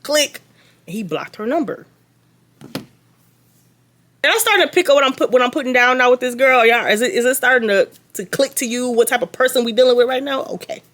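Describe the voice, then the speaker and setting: A young adult woman vlogging a story in casual chat, animated and gossipy with sarcastic asides. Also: a little high, a little fast.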